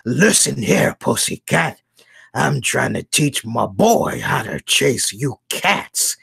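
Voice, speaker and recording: A man voicing a gruff, protective male cartoon bulldog father, talking in a slow, low drawl. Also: big pitch swings, a bit bright, no room sound, clean studio sound, heavily acted.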